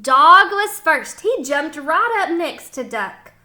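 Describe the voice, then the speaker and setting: A woman's voice: high-pitched, very animated, slow pace, sharp tone. A woman teacher reading a picture book aloud to children, stopping to explain words and ask them questions. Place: home kitchen.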